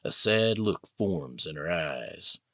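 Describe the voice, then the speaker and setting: Deep-voiced male audiobook narrator. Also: expressive, bright, forceful tone, no echo, studio quality. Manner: measured, descriptive storytelling.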